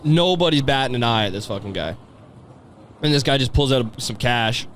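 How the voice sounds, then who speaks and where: A man's voice: medium pitch, animated, normal speed, fairly bright tone, a little hiss or hum. A man hosting a podcast, riffing on a video in rambling, profane, sardonic casual commentary. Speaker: podcast host.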